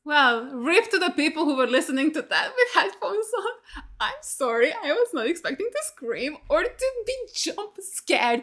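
High-pitched woman gushing and swearing about a tv finale. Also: normal speed. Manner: excitable, swears a lot, screams at jump scares. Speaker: reaction video host. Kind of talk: casual reaction commentary.

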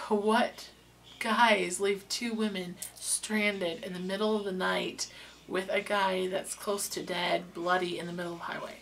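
A woman's voice: medium pitch, creaky, a bit bright, slight background noise. A young woman, a beauty vlogger, telling a true story in a casual, chatty way with lots of fillers and restarts.

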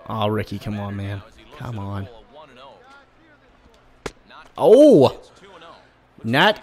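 A man commenting on his own baseball video game play, swearing and flaring up at bad pitches, and talking straight to his viewers. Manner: swearing, frustrated outbursts at the game. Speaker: gaming YouTuber. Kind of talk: gameplay commentary.

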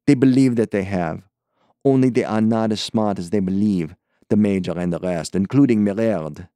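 A man's voice: on the low side, normal speed, no room sound, studio quality, close to an everyday voice. Man doing a sneering young man with a foreign accent. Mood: scornful urging. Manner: mocking, urgent, forceful.

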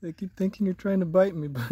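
A man's voice: sits high, fairly quick, dark tone, slightly rough. A man vlogging casually, playful and a little nervous, who laughs and imitates cat meows. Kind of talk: casual vlog.

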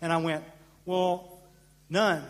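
A middle-aged man telling his personal recovery story to a convention audience. He tells it in an animated way, stammers and restarts often, pushes up for the punchlines and drops low for the reflective parts. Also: slow pace. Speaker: AA convention speaker. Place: convention hall. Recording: hall reverb from a live convention talk.

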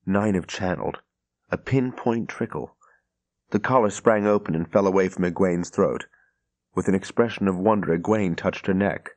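A man reading a fantasy audiobook in scripted narration, measured and steady. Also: low-pitched.

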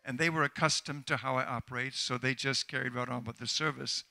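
An older traveling preacher with a medium-pitched, steady, sharp voice recounts a healing testimony during a church sermon, speaking a little fast with vocal fry. His storytelling rises into fervent exhortation of the congregation.

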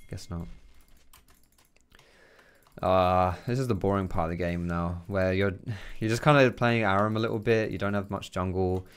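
A man's voice: sits low, steady tone, a little slow, pauses often, clean tone. A man giving casual commentary while playing a video game, chatty, swearing and chuckling often. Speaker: gaming video creator.

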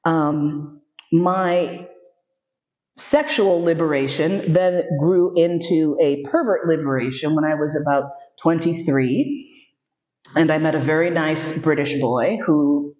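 A woman's voice: low-pitched, darkish tone. A woman in her fifties from New York City, telling candid, humorous stories as a sexuality educator and acting out the voices she quotes. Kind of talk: storytelling lecture. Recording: muffled roomy recording.

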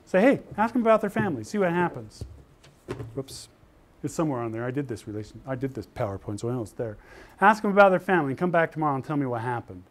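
An older man from Utah giving an animated university lecture, telling stories and acting out the voices of the people in them. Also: medium pitch, quick pace. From Utah, USA. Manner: lively storytelling, acts out quoted voices. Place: lecture hall.

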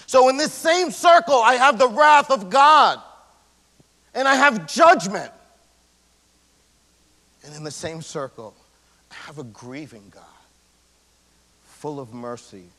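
A male pastor giving a sermon in a casual, slangy way, swinging between loud emphasis and hushed near-whispers. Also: sits high, big pitch swings, a little slow, pauses often. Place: church sanctuary. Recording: long church hall reverb.

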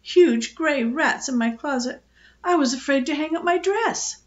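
An older woman voicing a timid little girl who frightens easily, with high squealing cries in a storybook reading. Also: sing-song, moderate pace, muffled recording. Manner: fearful, whiny cries.

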